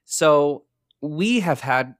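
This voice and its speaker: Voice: mid-range voice, animated, drawn-out words, dry recording, clean studio sound. A podcast host chatting casually and earnestly, rambling with frequent fillers.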